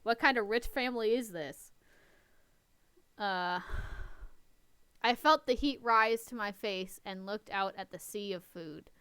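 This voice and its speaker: A woman's voice: medium pitch, unhurried, pauses often, a bit bright, clean tone, no echo, studio quality. A woman reading a story aloud in a casual way, often breaking off to laugh and make chatty asides. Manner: giggly, chatty asides between passages. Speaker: reader and co-host.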